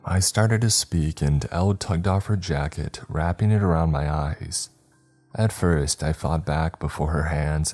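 A man narrating a horror story in a steady, measured storytelling voice. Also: very deep voice, husky.

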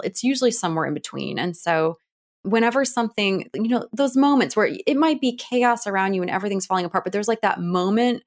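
A woman in her thirties from Ohio, a guest telling lively stories with laughter and acted-out quotes. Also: fast talker. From Ohio, Cleveland area. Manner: lively, laughing, acts out quotes with big pitch jumps. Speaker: guest, author. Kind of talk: animated storytelling in a podcast interview.

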